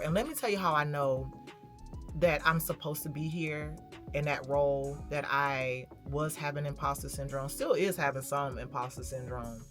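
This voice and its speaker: Woman, low voice, casual vlog, candid and reflective, talks to viewers. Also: normal speed, music in the background. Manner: candid, reflective storytelling that addresses viewers directly. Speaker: vlogger.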